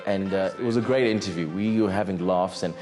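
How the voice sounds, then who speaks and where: A young South African man, a TV presenter, telling lively anecdotes about his interviews. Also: sits low, fairly quick, soft background music. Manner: lively storyteller, animated asides.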